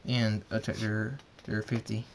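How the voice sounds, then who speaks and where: A man's voice: lowish voice, flat delivery, normal speed, background noise. A man reading a fan story aloud, stumbling and repeating words as he narrates. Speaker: fan fiction reader.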